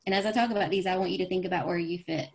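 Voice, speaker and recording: A woman's voice: on the low side, fairly even intonation, racing, darkish tone, a little hiss or hum. Woman in her 40s, pep talk on a team call, punchy storytelling, voice jumps up when she quotes people. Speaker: network marketing team leader.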